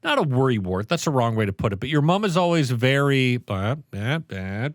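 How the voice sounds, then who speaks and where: A man's voice: medium pitch, fast talker, no echo, clean studio sound. A man in his thirties co-hosting a podcast, telling family stories in casual chat and swearing often. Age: 30s. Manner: animated storytelling, swears often. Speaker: podcast co-host.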